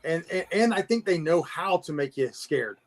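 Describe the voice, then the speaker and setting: A man's voice: on the high side, expressive, moderate pace. A man guest telling his encounter story in a casual interview, with a lot of stammering restarts and laughing at himself. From Florida. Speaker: Bigfoot investigator guest.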